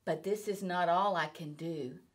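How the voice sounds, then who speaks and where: A woman's voice: on the low side, measured pace, natural voice. A woman voicing a playful, show-off male cat from a children's storybook, in a sing-song, exaggerated read-aloud manner. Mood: boastful.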